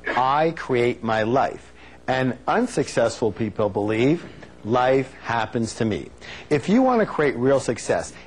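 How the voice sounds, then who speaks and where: A man giving a live motivational seminar on stage, energetic and playful, drawing call-and-response answers from the audience. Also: husky. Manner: playful, acts out quotes in high silly voices.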